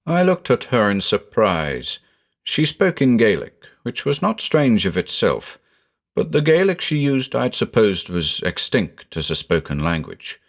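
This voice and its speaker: A man giving a measured, brooding scripted narration of a horror story. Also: mid-range voice.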